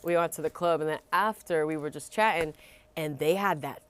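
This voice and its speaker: A woman from Vancouver, Canada, chatting candidly as a podcast guest and telling animated stories peppered with swearing. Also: low-pitched, brisk. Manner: candid, animated storyteller with frequent profanity. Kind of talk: casual chat.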